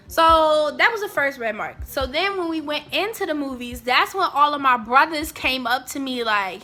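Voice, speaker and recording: Bright-voiced chatty young woman. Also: sits high, moderate pace, few pauses. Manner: animated, chatty, jumping into quoted voices. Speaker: vlogger. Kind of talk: casual storytime.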